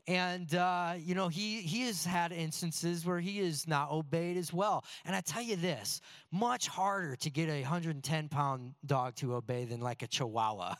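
A man's voice: on the high side, dry recording, clean studio sound. Guy preaching, jokey and chatty, keeps asking the crowd stuff. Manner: conversational and joking, with rhetorical questions. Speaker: pastor. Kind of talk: sermon.

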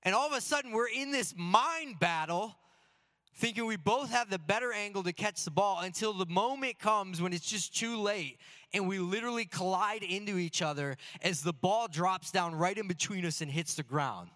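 A man preaching a sermon as a pastor in a church sanctuary, telling stories earnestly and slowing down to stress key phrases. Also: sits high, fairly bright tone. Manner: earnest storytelling with slow emphatic phrases. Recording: long hall reverb.

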